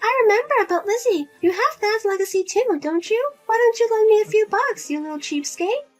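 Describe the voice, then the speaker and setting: A nagging, guilt-tripping older mother, voiced by a woman, with a very high voice that swoops up and down as she whines and wheedles. Faint music plays behind her in this narrated drama. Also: expressive, a little fast. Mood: self-pitying. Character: spendthrift widowed mother, pushy and self-pitying.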